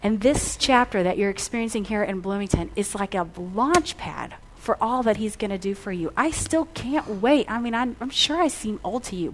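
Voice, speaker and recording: A middle-aged woman preaching to a gathering, weaving a long anecdote into her message. She brings the story to life by playing out the back-and-forth of the conversations, then settles into earnest exhortation. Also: mid-range voice. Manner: animated storyteller, acts out dialogue. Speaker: speaker. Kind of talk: storytelling sermon.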